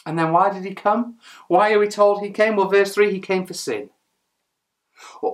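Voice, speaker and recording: A man's voice: high-pitched, a bit bright. Male preacher with a slightly raised voice delivering an earnest, emphatic sermon. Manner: earnest, emphatic, with rhetorical questions and small restarts.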